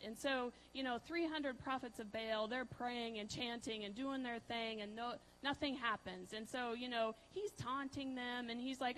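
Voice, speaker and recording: A woman preaching in a relaxed, conversational way, tossing questions to her listeners and leaning on fillers. Her voice sits a little high. She jumps from bright, loud emphasis down to near-hushed lines. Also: normal speed, slight background noise, low-quality recording. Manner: chatty, asks the audience questions, many fillers. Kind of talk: conversational sermon.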